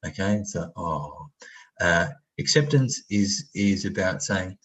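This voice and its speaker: A man's voice: deep voice, expressive, slow, a bit bright, highs cut off. A man facilitating an online training workshop, talking casually with lots of fillers and acting out example voices. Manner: conversational, many fillers, acts out example voices.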